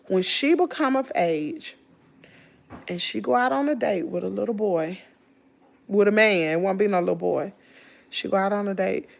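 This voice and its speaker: A woman's voice: on the high side, a bit bright. A woman hosting a live-stream, giving sassy, indignant gossip commentary straight to her chat. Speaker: livestream host.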